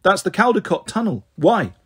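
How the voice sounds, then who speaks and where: A man reading the part of an anxious but determined teenage girl in a husky voice, hesitant but trying to sound confident. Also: high voice, sing-song, normal speed, fairly bright tone, heavily acted. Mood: earnest.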